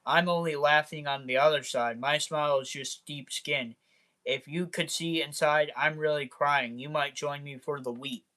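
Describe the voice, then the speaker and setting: A man's voice: fairly high pitch, fairly even intonation, moderate pace, pushed and bright. A man reading aloud as a menacing male clown villain from a comic book, in a sly, taunting, mock-theatrical way.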